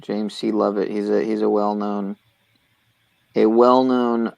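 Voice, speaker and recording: A man's voice: fairly low pitch, level tone, a little slow, vocal fry, a little mellow, no room sound, lo-fi sound. A man talking in a casual online panel chat, meandering and trailing off.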